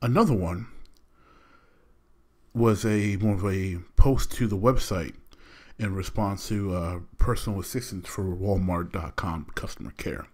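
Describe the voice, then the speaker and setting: A young man hosts his own podcast in a loose, slangy, animated way. His voice sits low and relaxed as he vents about his gripes. The delivery is casual and talkative. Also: a little slow. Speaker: podcast host.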